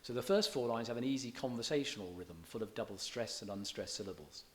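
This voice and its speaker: Speaking fast in a medium-pitched voice, a visiting lecturer in English talks to an audience about poetry in a church hall. He is chatty and prone to digressions, often breaking off to correct himself.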